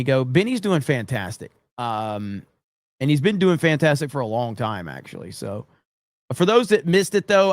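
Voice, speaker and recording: A man hosting a livestream, reacting to clips with sarcastic, animated commentary. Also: mid-range voice, no echo, studio quality. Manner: sarcastic, animated, mock-quoting, chuckling. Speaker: livestream host.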